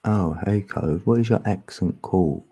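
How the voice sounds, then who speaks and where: Cockney man, livestream host, dark husky low voice, chatty. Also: moderate pace. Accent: Cockney, East London. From England. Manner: chatty, chuckling, reads chat aloud. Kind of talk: casual livestream chat.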